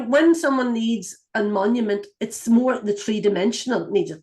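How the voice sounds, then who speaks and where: A woman speaks as a spiritual guide, telling stories in an earnest, meandering way. She stops and restarts often and reaches for her words as she goes. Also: a little high. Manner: earnest, rambling, many restarts and fillers. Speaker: intuitive guide and clairvoyant. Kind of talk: casual spoken teaching, storytelling.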